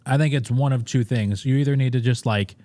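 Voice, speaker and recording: A man's voice: medium pitch, a little fast, warm tone, no echo, clean studio sound. Blunt, profane man telling stories. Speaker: food content creator and podcast guest. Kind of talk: casual interview storytelling.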